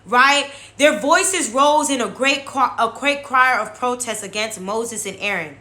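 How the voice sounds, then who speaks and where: A young woman hosting a casual Bible devotion, talking straight to her viewers in an animated, chatty way. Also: a little high, a little slow. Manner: animated, talks to viewers as "y'all". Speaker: devotional host.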